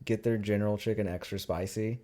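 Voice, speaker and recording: Low, mellow-voiced podcast co-host man. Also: steady tone, a little fast. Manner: laid-back, drops supportive interjections. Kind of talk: casual chat.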